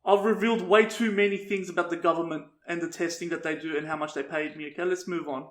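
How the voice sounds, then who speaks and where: A man's voice: fairly high pitch, steady tone, fast talker. A young man co-hosting a podcast, telling absurd tall tales with a straight face and swearing a lot. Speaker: podcast co-host. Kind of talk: crude comedic banter. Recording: roomy echo.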